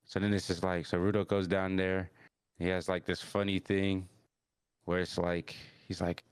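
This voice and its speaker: A man with a low, smooth voice casually recaps an anime episode on his podcast. He rambles along in loose slang, restarting sentences and stringing thoughts together with "like." The sound is dry and close. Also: level tone, normal speed, dry recording. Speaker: podcast host.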